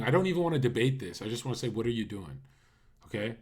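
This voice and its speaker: A man's voice: medium pitch, big pitch swings, fast, darkish tone, breathy edge. Guy streaming live, cussing a lot, keeps asking his chat "what are you doing", totally incredulous. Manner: blunt, profane, incredulous ranting; talks to chat, frequent rhetorical questions. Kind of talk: casual live-stream commentary.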